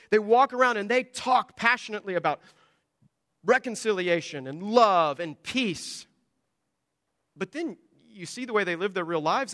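A man preaching a sermon in an animated way, acting out short voices of children and God. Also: high-pitched. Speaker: pastor.

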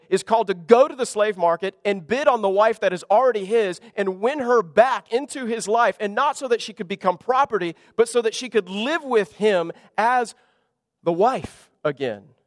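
A high-pitched man preaches with animated emphasis, jumping from loud exclamations to hushed asides. His voice is close and dry on the mic, yet a long reverb from the sanctuary trails behind it. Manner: animated, emphatic preaching with humor and sudden drops to quiet. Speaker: pastor. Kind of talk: sermon.

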